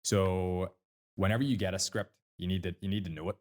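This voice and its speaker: Northern Irish man, deep voice, quick and blunt, sweary mentor type. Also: fairly even intonation, darkish tone. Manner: blunt, sweary, fast-talking. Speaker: sales mentor guest. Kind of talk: casual podcast chat.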